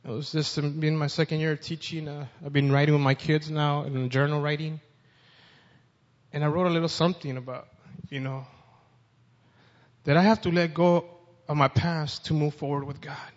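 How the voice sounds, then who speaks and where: A man's voice: a little high, fairly even intonation, moderate pace. A preacher man in a reverberant hall. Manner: reads scripture with rising force. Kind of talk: sermon with scripture reading. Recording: dull sound with long reverb.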